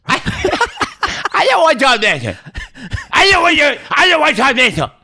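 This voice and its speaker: A man putting on the voice of an elderly grandmother who is shouting suspiciously through a door buzzer. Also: wildly swooping pitch, normal speed, heavily acted. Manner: high, loud and suspicious.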